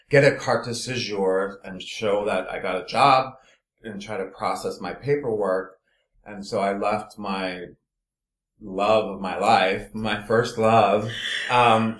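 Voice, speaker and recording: A man from Los Angeles, a guest in an interview, telling his career story in an animated, meandering way. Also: fairly low pitch, reverberant. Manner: animated storytelling, trailing off and restarting. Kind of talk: casual conversational interview.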